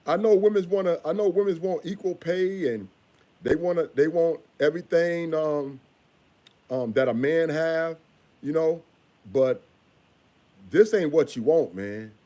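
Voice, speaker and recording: A father talking casually in a vlog, repeating himself and scolding in a drawn-out way. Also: fairly high pitch, warm tone.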